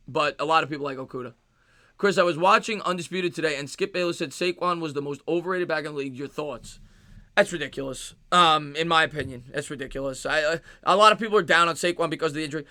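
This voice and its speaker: A man with a New York accent runs a casual live-stream Q&A and answers viewer questions as they come in. His voice is bright and forceful, set a little higher than most men's. He talks loosely, with many fillers and repeated phrases, recorded dry and close. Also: no room sound. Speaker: sports stream host.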